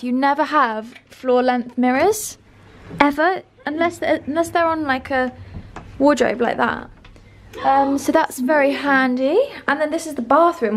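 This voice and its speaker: Chatty girl in her 20s vlogging, bit high voice, gushing about everything. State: a little out of breath. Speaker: lifestyle vlogger. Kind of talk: casual vlog tour and outfit chat.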